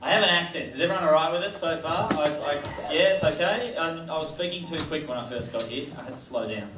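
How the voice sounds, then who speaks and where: A man's voice: on the high side, fast talker, background noise. A man doing chatty, hesitant stand-up comedy about having an accent. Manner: chatty, hesitant, self-aware. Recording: echoey distant stage mic with clicks.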